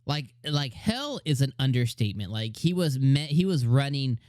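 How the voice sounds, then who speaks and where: A man's voice: medium pitch, sing-song, moderate pace, a little mellow, dry recording, clean studio sound. A man hosting an anime review channel, chatting casually, rambling and laughing often as he retells scenes.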